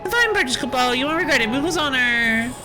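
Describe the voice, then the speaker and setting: A woman's voice: high-pitched, expressive, fast talker, music in the background, voice pushed up. A woman voicing a small, chirpy male moogle merchant from a video game, with an eager sales patter that keeps repeating the customer's name. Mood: perky salesy.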